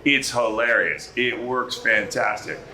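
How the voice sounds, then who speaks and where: A male actor, a guest on a bar talk show, telling animated stories with lots of restarts and swearing. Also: medium pitch, a little slow, roomy sound, background noise. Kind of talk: casual chat, anecdote telling.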